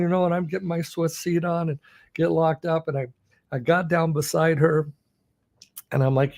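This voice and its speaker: A man's voice: fairly high pitch, little pitch movement, moderate pace, darkish tone, no echo. A man co-hosting a podcast, telling a story in a casual chat and chuckling often. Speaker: podcast co-host.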